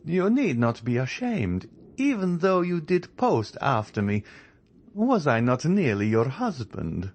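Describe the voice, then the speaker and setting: A man's voice: on the high side, very animated, unhurried, voice pushed up. A man voicing a desperate young male fugitive who pleads and later turns mocking.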